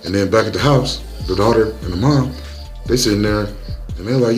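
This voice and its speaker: A young man with a lowish voice tells a movie's story in loose, slangy, joking recap style. Soft music sits faintly underneath his narration. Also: brisk.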